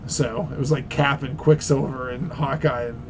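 A man co-hosting a pop culture podcast, agreeable and quick with asides, often trailing off. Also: mid-range voice, fairly even intonation, a crowd in the background, low-quality recording. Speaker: podcast co-host. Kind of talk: casual pop culture chat.

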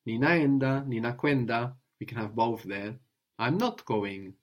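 A man's voice: fairly low pitch, a little slow, lo-fi sound. A man teaching a language lesson patiently, often checking in with a questioning "no?".

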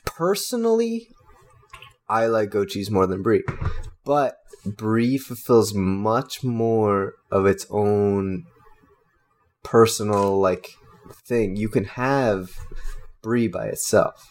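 A man co-hosting a casual podcast, easygoing and agreeable, calmly weighing his points. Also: fairly low pitch, slow pace, pauses often. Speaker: podcast co-host. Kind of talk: casual chat.

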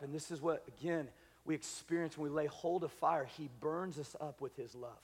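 A male pastor preaching a sermon, leading the congregation to repeat words and swinging between loud exhortation and hushed intensity. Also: on the high side, brisk, big-room sound. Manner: leads congregation call-and-response.

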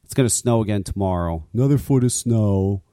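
A man's voice: fairly low pitch, fairly quick, warm tone, no echo, clean studio sound. A man hosting a talk radio show, ranting casually with lots of swearing and stammered restarts. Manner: profane, stammering rants.

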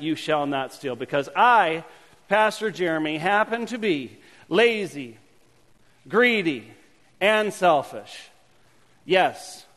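A man, a pastor, teaching a congregation a playful hand-gesture game in his sermon, shifting between lively calls and quiet asides. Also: sits high. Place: church sanctuary. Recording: long hall reverb.

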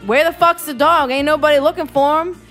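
Woman with a high voice ranting thru a cheesy movie plot, swears a lot, faint music behind. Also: steady tone, brisk, a bit bright. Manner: profane, sarcastic, acts out characters in exaggerated voices. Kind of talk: casual comedic movie recap.

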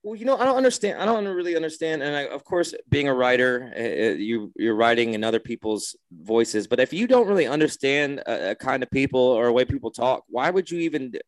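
A man's voice: medium pitch, sing-song, a little fast, hardly any pauses, no room sound. A man co-hosting a podcast in casual chat, laid-back and joking. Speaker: podcast co-host.

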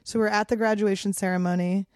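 Woman comedian from philly spinning a crude story, mid pitch, dry close sound. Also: fast talker, no room sound. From Philadelphia. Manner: profane, animated storyteller. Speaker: comedian guest. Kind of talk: casual storytelling.

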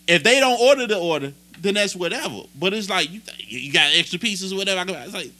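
A young man co-hosting a podcast, telling a story in casual, animated, profane chat. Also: high-pitched, fast. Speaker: podcast co-host.

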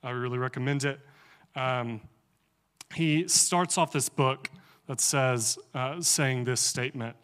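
A male preacher in a relaxed, conversational sermon, reading scripture aloud and then talking it through. His voice sits at an ordinary middle pitch, and he often stops on small fillers as he gathers his thoughts. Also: slow pace, clean tone.

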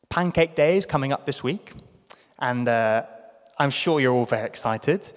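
A man's voice: mid-range voice, lively intonation, normal speed, big-room sound. A man from London with a British accent preaching a sermon in a chatty, self-deprecating way. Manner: chatty, self-deprecating, puts on playful voices for quotes. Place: church hall.

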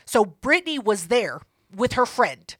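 A woman co-hosting a podcast, telling a story in casual chat, profane and animated, acting out what people said. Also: fairly high pitch, unhurried, no room sound, clean studio sound. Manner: profane, animated, acts out quotes. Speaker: podcast co-host.

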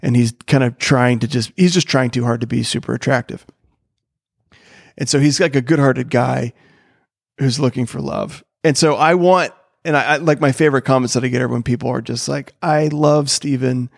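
A man's voice: mid-range voice, brisk, creaky, no echo, studio quality. A middle-aged comedian in casual conversation, rambling and restarting his sentences as he explains. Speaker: character comedian, podcast guest.

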